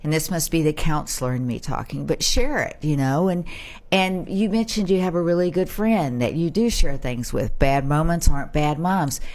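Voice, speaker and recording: Middle-aged woman giving calm expert advice. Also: low voice, moderate pace. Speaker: brain health expert guest. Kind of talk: casual panel chat.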